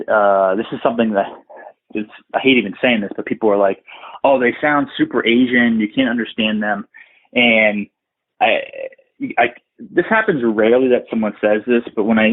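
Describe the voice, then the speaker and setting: Man, interview guest, fairly low voice, tinny phone line, candid, rambling. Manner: candid, rambling with frequent restarts. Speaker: podcast guest, outsourcing business owner. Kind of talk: casual interview talk.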